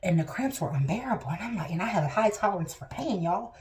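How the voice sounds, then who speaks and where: A woman's voice: fairly low pitch, animated, quick pace, darkish tone. A woman vlogger telling a personal story to her viewers in a chatty, emphatic way. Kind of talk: casual storytelling to camera.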